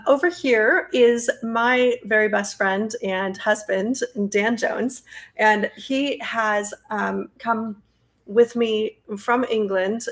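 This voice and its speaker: Chatty woman with a gravelly edge. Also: medium pitch. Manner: friendly, chatty, many fillers. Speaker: host and nonprofit president. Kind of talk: live-stream Q&A introduction.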